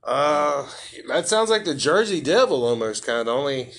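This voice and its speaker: A man's voice: a little high, big pitch swings, normal speed, fairly bright tone. A man hosting a podcast interview, joking, rambling and swearing freely. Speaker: podcast host. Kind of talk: casual interview chat.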